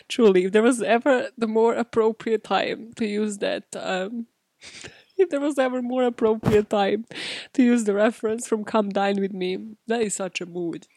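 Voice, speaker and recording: A woman's voice: mid-range voice, fairly even intonation, normal speed, warm tone, no room sound. Chatty woman hosting a true-crime podcast. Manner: chatty, swears, laughs, talks to herself. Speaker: podcast host.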